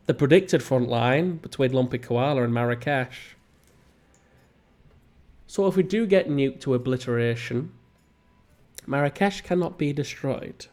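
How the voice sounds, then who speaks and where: Hosting a strategy game let's play, an English man with a Northern accent offers rambling, self-mocking, casual gameplay commentary. He speaks unhurriedly in a darkish, mid-range voice, pausing often.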